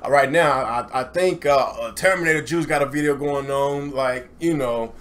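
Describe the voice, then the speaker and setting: A man hosting a gaming live stream, ranting heatedly with lots of swearing and shouting, then calmly greeting viewers. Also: medium pitch, normal speed, noisy background. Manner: heated, profane, often shouting, then calm chatty shout-outs.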